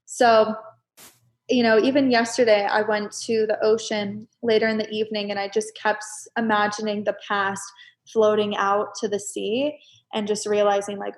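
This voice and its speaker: A young adult woman talking openly and emotionally as a guest in a casual chat, breaking into animated exclamations. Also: mid-range voice, normal speed.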